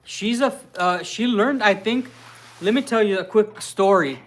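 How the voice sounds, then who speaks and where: A man's voice: sits high, normal speed. A man hosting a casual livestream, teasing his partner and rambling with many fillers. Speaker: vlogger host. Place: living in Russia.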